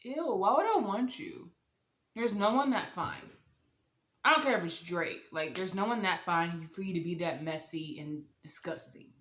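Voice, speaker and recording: A woman's voice: on the low side, moderate pace, fairly bright tone, a little hiss or hum. Young woman, sassy storytime vlogger with dramatic asides; roomy, echoey sound. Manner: sassy, dramatic, slangy, mock-shocked asides. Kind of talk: animated storytime monologue.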